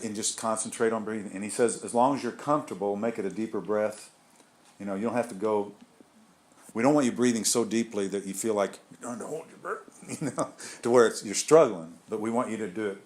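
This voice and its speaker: A man's voice: on the low side, a little mellow. A man giving an informal spiritual talk to a group, rambling and conversational with frequent restarts and asides. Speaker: group leader.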